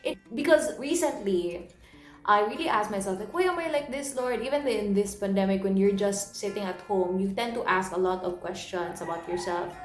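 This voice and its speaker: A woman's voice: medium pitch, normal speed. Earnest young woman in an echoey room. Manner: earnest, emotional, repeats and restarts phrases. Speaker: vlogger. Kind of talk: personal confessional vlog. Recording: roomy echo, soft guitar music underneath.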